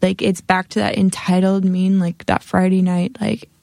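Casual woman guest, gravelly fry in her voice, dry close sound, chatty storyteller. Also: medium pitch, moderate pace, dry recording. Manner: storytelling, heavy use of "like", animated quoting. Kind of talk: casual chat.

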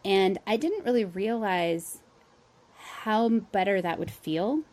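A woman's voice: mid-range voice, expressive, slow pace, darkish tone. A woman hosting an interview, speaking reflectively and feeling her way through her words with frequent restarts. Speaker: podcast host. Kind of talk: casual interview conversation.

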